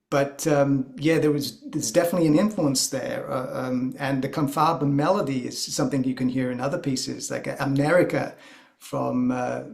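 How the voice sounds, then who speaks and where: Brief: male guest, mid-pitched, musing and explanatory, hedges with fillers. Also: creaky. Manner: thoughtful, explanatory, many fillers. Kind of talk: conversational music discussion.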